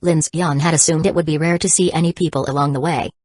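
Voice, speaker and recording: A woman narrating an audiobook in a steady, even reading voice. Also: sits low, fast, no echo. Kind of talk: scripted narration.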